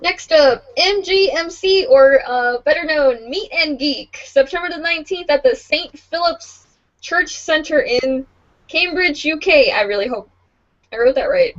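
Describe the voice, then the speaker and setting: Casual podcast co-host, young woman, high voice, rambly and profane, muffled recording. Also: lively intonation, measured pace, fairly bright tone. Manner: chatty, stumbling over place names, laughing and swearing. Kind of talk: casual podcast chat reading convention listings. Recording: dull lo-fi podcast audio.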